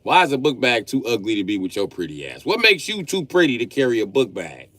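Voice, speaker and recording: With a medium-pitched voice and a brisk pace, a man in his late thirties livestreams funny, profane anecdotes, chuckling as he goes. The sound has no echo, and his manner is animated.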